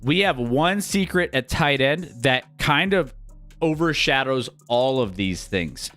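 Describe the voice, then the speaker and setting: A man hosting a casual sports talk show, energetic and rambling as he previews the season. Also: mid-range voice, a little slow, soft background music. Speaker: sports podcast host.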